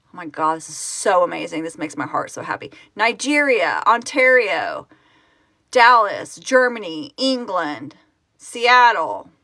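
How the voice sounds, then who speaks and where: Her voice is fairly low and sharp, very animated yet measured in pace, with no room sound. She's a middle-aged woman who founded a fan project, chatting casually on a live stream via phone and getting emotional, even tearful, as she reads off where her viewers are from.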